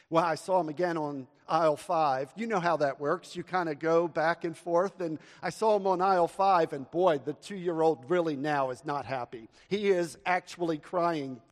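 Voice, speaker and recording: A man, a pastor who prays earnestly and then tells a humorous story to his congregation in a sermon. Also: high voice. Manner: earnest, storytelling with audience call-and-response. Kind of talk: sermon with prayer and humorous anecdote. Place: church sanctuary. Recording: long church hall reverb.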